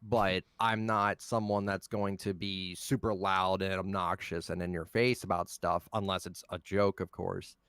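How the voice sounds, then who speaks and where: A man's voice: low-pitched, little pitch movement, a little slow, few pauses, fairly bright tone, clean tone, dry recording, clean studio sound. A man being interviewed as a content creator, speaking in a laid-back, blunt way with casual swearing.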